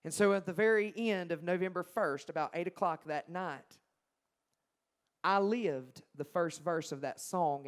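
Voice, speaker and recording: A young man, telling his personal testimony to a congregation. He speaks emphatically and swings from loud to hushed. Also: on the high side, clean tone. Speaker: Christian singer-songwriter giving his testimony.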